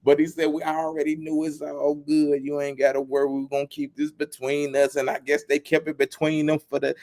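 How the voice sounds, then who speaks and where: A man's voice: on the high side, little pitch movement, fairly quick, hardly any pauses, a little mellow. A man hosting his channel, retelling a story with teasing jokes, repeating lines and acting out quotes. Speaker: channel host. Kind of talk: animated storytelling commentary.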